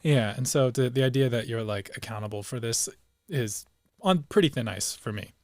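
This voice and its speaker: A man co-hosting a talk show, joking wryly and thinking out loud in casual banter. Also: medium pitch, normal speed, no echo. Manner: wry, joking, thinks aloud. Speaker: co-host.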